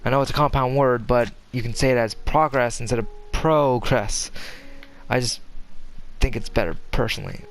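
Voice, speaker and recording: A man's voice: medium pitch, fairly even intonation, fast talker, faint music behind. A young man chatting casually while playing a game, rambling and restarting his sentences often with lots of fillers. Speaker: gaming commentator. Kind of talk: casual gameplay commentary.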